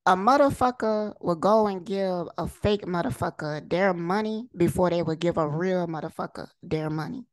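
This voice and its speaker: A woman's voice: fairly low pitch, normal speed, hardly any pauses, darkish tone, dry recording. A woman vlogger delivering a heated, profane monologue straight to camera, firing rhetorical questions and repeating lines for emphasis. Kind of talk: impassioned direct-to-camera monologue.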